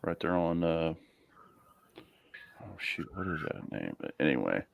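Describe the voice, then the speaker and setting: A man's voice: extremely low pitch, sing-song, a little slow, creaky, highs cut off. A man hosting a live chat from his garage, easygoing, chuckling often and trailing off mid-sentence. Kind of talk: casual chat.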